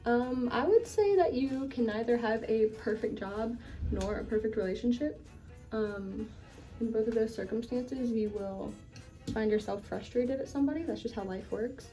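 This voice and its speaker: A woman's voice: a little high, normal speed, distant mic, soft background music. A young woman vlogger chatting casually while curling her hair, answering viewer questions with plenty of ums. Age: young adult. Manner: relaxed and chatty, frequent ums.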